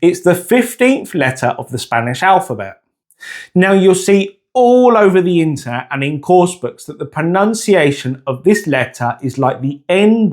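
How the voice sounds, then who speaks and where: A man teaching a scripted pronunciation lesson, speaking clearly and deliberately and drawing out example words slowly. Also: a little high, darkish tone. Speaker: language teacher.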